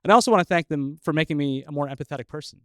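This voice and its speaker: A man's voice: a little high, rapid-fire, a bit bright, dry recording. Guy telling his own story on stage, chuckles a lot, says uh a ton, dry close sound. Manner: chuckling, with frequent filler uhs. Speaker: storyteller, scientist. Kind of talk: live personal storytelling.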